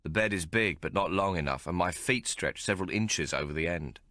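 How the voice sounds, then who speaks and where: Deep, bright-toned male audiobook narrator. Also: a little fast, dry recording, studio quality. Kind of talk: scripted first-person audiobook narration.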